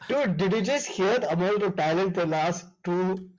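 A man in casual podcast banter, excited and laughing often. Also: sits high, moderate pace, dull audio.

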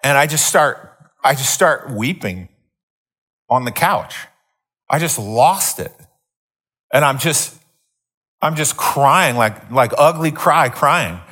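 A man's voice: medium pitch, animated, slow, long pauses, pushed and bright. A middle-aged man preaching a sermon, telling a story with many restarts before teaching. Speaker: pastor.

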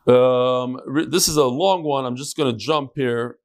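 A man's voice: medium pitch, a little slow. A man hosting a daily class, reading out sponsor dedications and listener messages with casual asides. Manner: conversational, ad-libbing asides while reading. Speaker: rabbi and class host.

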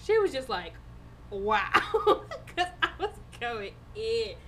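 High bright woman gossiping on a podcast, laughs a lot, faint background hum. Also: a little slow. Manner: animated storytelling, swearing, laughing often. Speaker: podcast co-host. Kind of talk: casual chat.

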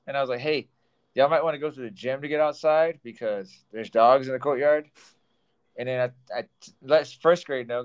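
A man's voice: medium pitch, smooth, dull audio. A man co-hosting a casual podcast, a teacher telling stories in a chatty way. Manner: chatty storyteller, laughs often. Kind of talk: casual chat.

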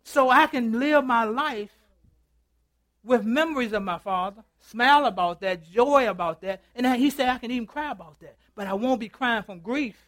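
High-voiced preacher, dry close sound. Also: male voice, animated, no room sound. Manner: storytelling, acts out both sides of a phone call; swings from loud to hushed, drawn-out phrases. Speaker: pastor. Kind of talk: sermon. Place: church.

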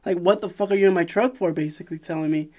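A man, casually telling an animated, profanity-laden story on a podcast and laughing as he goes. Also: high voice, rapid-fire. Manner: animated, swears a lot, laughs while telling. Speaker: podcast host.

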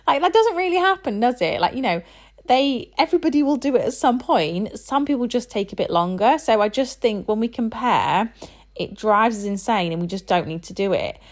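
A woman's voice: medium pitch, lively intonation, normal speed. A woman in her thirties, a parent chatting casually and rambling with lots of fillers. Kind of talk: casual chat.

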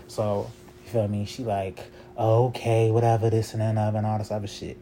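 A man's voice: fairly low pitch, flat delivery, a little fast, mellow, a little hiss or hum. A man in his twenties telling a long story in a casual, rambling and profane way, with constant "you feel me" fillers.

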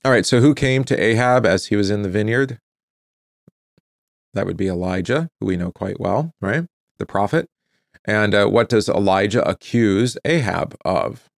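Guy with a low gravelly voice teaching bible class, asks questions then answers them himself, dry close sound. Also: moderate pace, dry recording. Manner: stumbles over hard words and restarts them. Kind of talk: scripture reading and catechesis lesson.

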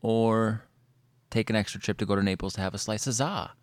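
A man's voice: fairly low pitch, a little fast, dry recording. A man co-hosting a casual chat, telling stories with laughs and the odd swear word. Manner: laughing, swearing, animated storytelling.

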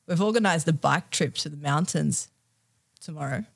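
A woman's voice: low voice, moderate pace, gravelly. A young woman from Australia telling a personal story as a podcast guest, candid and emotional, with many fillers.

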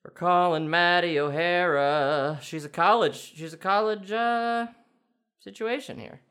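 A young man hosting a comedic quiz challenge, thinking out loud and swinging between excited shouts and low mutters. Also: a little slow, clear, resonant tone. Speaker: quiz contestant and host.

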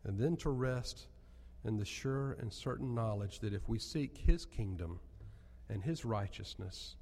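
A man's voice: on the low side, lively intonation, a little slow, darkish tone. Man preaching in a reverberant church. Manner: earnest, emphatic preaching with rising peaks. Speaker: pastor. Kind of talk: sermon.

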